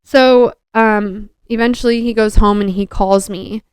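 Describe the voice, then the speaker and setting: A woman's voice: medium pitch, fairly even intonation, fairly quick, clean tone, no room sound. A young adult woman co-hosting a podcast, telling a personal story in an earnest, confessional way and often saying "like". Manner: earnest, confessional, heavy use of "like". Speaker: podcast co-host.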